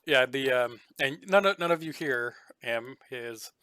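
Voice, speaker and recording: Man, game master, tabletop narration, hesitant, bright tone. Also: medium pitch, lively intonation, measured pace, clean tone, no room sound. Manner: hesitant, filler-heavy narration.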